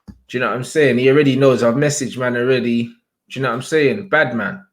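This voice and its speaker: A young man hosting a casual livestream, chatting in heavy slang and shouting out viewers. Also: medium pitch, fast talker. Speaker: livestream host.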